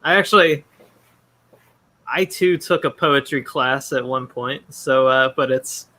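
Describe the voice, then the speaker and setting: A man's voice: mid-range voice, measured pace, pushed and bright. A man hosting a casual interview, speaking with hesitant restarts. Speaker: show host.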